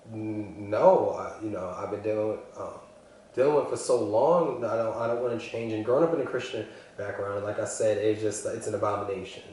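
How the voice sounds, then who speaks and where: A young man telling his personal story earnestly, halting often and restarting his sentences. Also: lowish voice, a little mellow, recorded from a distance, slight background noise. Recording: echoey room, voice from afar.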